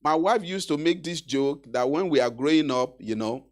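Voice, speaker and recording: A man's voice: on the high side, lively intonation, moderate pace, a little mellow. A middle-aged man from Nigeria with a Yoruba accent, giving an encouraging speech with stories and asides to the audience. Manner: exhortative, anecdotal, with asides to the audience. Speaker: graduation speaker.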